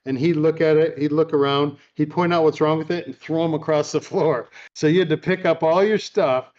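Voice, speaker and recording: A man's voice: fairly high pitch, fairly even intonation, fairly quick, a little mellow. Chatty man with a dull, lo-fi sound. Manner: chatty, amused storyteller. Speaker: podcast host. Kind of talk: casual chat, retelling a film.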